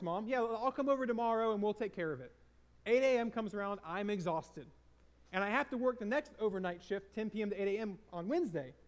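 Man, high register, earnest confessional storyteller addressing a crowd; leans on repetition. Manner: earnest, confessional, repeats phrases for emphasis. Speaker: speaker and former hospital chaplain. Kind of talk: personal storytelling talk to an audience.

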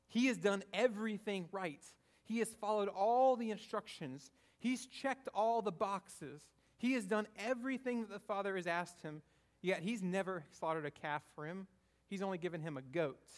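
Male preacher, high voice, conversational sermon, tags lines with "right?". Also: moderate pace.

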